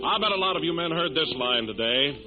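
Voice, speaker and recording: A man's voice: a little high, expressive, fast, over music. A male announcer giving scripted narration and an upbeat commercial read on a muffled 1930s radio broadcast. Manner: smooth, upbeat selling.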